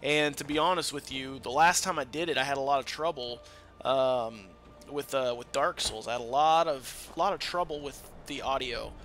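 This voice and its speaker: Man, let's play host, bright forceful voice, loud and excitable, jokey, faint game music behind. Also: mid-range voice, moderate pace. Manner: loud, excitable, swings between yelling and quiet; crude, joking asides. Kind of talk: casual gameplay commentary. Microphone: desk microphone that peaks. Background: game audio.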